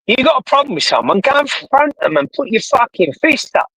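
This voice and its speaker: A man's voice: very high-pitched, big pitch swings, brisk, sharp tone, husky, dry recording, low-quality recording. A British man chatting casually, rambling and swearing a lot. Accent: British English. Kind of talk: casual chat.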